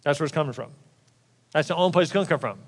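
A male pastor preaching a sermon in a candid, joking way, acting out the voices of the people he quotes. His voice sits a little high for a man. It rings with the long reverb of a big hall. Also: animated, racing.

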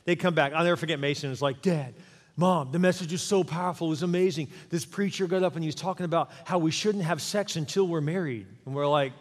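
A middle-aged male pastor preaching in a church sanctuary with a fairly high voice. He keeps it conversational and animated and acts out little quotes. His words ring on in a long hall reverb. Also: fast. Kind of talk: sermon.

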